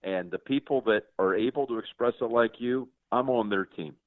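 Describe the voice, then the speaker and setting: A man in his sixties, a sports broadcaster, telling stories in an earnest, halting way with many restarts. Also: medium pitch, no room sound. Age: 60s. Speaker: interview guest, sports broadcaster. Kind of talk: casual interview storytelling. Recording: tinny dry phone-like line.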